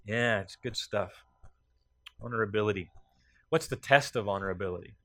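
A man preaching a sermon, telling a story with many pauses and fillers and lifting his voice for the quoted lines. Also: on the low side, a bit bright, no room sound. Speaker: pastor.

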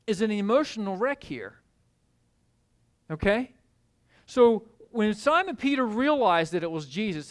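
A man preaching a sermon, telling the story in an animated way and acting out the scenes. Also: high-pitched. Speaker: pastor.

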